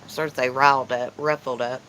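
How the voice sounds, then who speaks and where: A woman's voice: very deep voice, fairly even intonation, fairly quick, pushed and bright, slight background noise, rough recording. Chatty woman on a porch. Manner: chatty, teasing, reads chat aloud. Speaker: channel host. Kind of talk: casual livestream chat. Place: porch outdoors.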